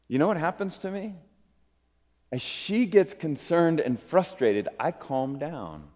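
A middle-aged man preaching a sermon as a pastor, earnest, rising to emphatic peaks and dropping to soft low phrases. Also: very animated, takes it slowly. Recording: long hall reverb.

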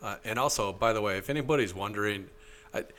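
A man with a very low voice chats on a podcast in a halting, easygoing way, full of fillers. A faint hum sits behind him. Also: fairly bright tone. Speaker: podcast co-host. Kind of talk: casual chat.

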